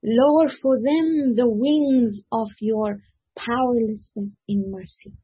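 A middle-aged woman giving a Quran commentary lecture, reciting verses quickly and then explaining them slowly in English. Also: fairly high pitch, breathy edge, lo-fi sound. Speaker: religious teacher.

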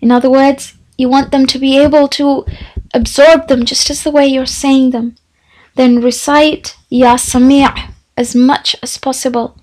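A woman Quran teacher giving a measured, reflective religious talk with a retold story. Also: high voice, level tone, darkish tone, low-quality recording.

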